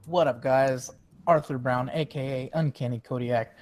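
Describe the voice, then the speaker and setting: A man on a casual livestream panel, upbeat, introducing himself and listing friends to shout out. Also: medium pitch, fairly even intonation, normal speed. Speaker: panel guest.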